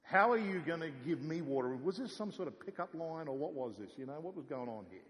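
A man's voice: on the high side, lively intonation, in a large hall, natural voice. A man telling a sermon story, voicing a skeptical woman at a well who answers back with sarcastic questions. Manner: doubting, quick retorts.

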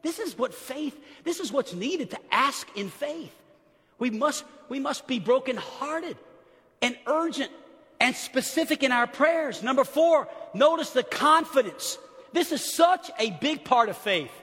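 A middle-aged man preaching a sermon as pastor, swinging from hushed murmurs to shouted emphasis and acting out the people in his stories. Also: very high voice, unhurried, slightly rough. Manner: animated storyteller acting out quoted speech. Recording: long reverb of a large church hall.

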